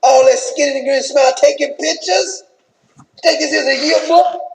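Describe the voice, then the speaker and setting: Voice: sits high, moderate pace, gravelly, echoey room, voice pushed up, poor audio. A speaker doing an impression of an angry first lady, sassy and scolding with repeated name-calling.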